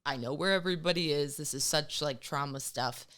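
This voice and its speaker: A woman's voice: deep voice, fairly quick, a bit bright. A middle-aged woman co-hosting a podcast, talking casually and emotionally, often quoting others. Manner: emotional, tearful at moments, quotes people in voices. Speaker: podcast co-host. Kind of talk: casual chat.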